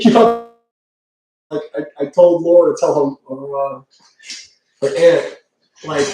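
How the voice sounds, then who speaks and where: A man's voice: a little high, steady tone, moderate pace, pauses often, mellow. A man chatting casually and profanely on a live stream as a tarot reader, rambling and laughing often. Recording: very echoey room, mic far off.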